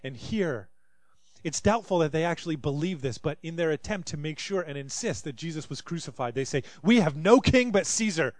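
A man's voice: fairly high pitch, expressive, a little fast, darkish tone, no echo. A man preaching a sermon, reading scripture aloud and acting out the people in it. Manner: reads scripture aloud and voices quoted speakers dramatically. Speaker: pastor.

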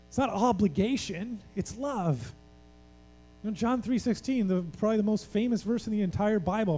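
A pastor with a high, mellow voice delivers an earnest sermon, building his points through repetition. The sound carries a long reverb from the hall, with a faint mains hum underneath. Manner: earnest, repetitive emphasis, acts out quoted voices.

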